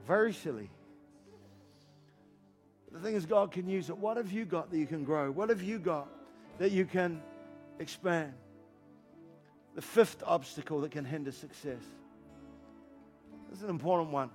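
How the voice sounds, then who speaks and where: A man in his fifties preaching a sermon in a church, energetic and joking, driving points home with repeated rhetorical questions. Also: high-pitched, moderate pace, long pauses, soft background music. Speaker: pastor. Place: church hall.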